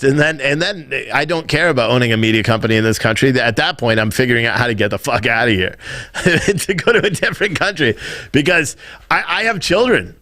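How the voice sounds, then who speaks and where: A man's voice: a little high, bright, forceful tone. A man in his thirties hosting a live stream, rambling and swearing as he reads chat. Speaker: live streamer, news show host. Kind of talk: casual live-stream commentary.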